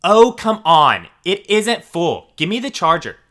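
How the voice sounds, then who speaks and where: A man's voice: fairly high pitch, very animated, measured pace, bright, forceful tone, pitched above the performer's own voice, heavily acted. A man voicing a rude, grabby entitled mother in a story reading, with a snappy, demanding delivery.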